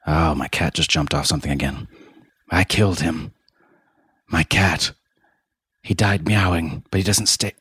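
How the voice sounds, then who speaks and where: A man's voice: deep voice, moderate pace, a bit bright, breathy edge, no room sound. A man voice actor joking around between takes, playful and loose. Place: home recording space at night.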